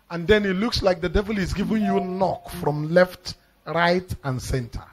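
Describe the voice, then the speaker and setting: In poor audio, a high-pitched man with a Nigerian accent delivers a live prophetic sermon at a moderate pace. He's emphatic and commanding, repeats his phrases, and bursts into shouted declarations.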